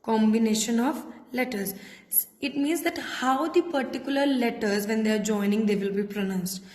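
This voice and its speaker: A woman's voice: on the high side, moderate pace, a little mellow. A woman teaching a French class patiently, spelling out letters and repeating words. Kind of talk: classroom lesson. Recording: echoey room with long reverb.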